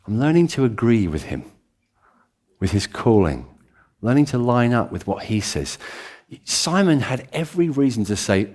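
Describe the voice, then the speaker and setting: A British man preaching a sermon in a church room, animated and storytelling, with self-deprecating humour. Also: medium pitch, moderate pace. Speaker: pastor.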